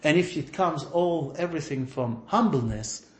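Lively guy teaching a class, kinda high voice, gets loud then soft, roomy echo. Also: moderate pace. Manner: animated, swings from loud to soft; engages students with questions. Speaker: religious teacher. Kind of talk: classroom lesson.

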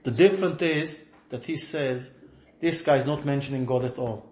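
A man teaching a lively classroom lesson, questioning his students and swinging between loud emphasis and soft asides. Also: medium pitch, normal speed, reverberant. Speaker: religious teacher.

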